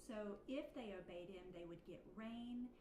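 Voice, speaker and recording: A woman teaching children a Bible lesson, guiding with gentle leading questions. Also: mid-range voice, measured pace. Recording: echoey room with background hiss.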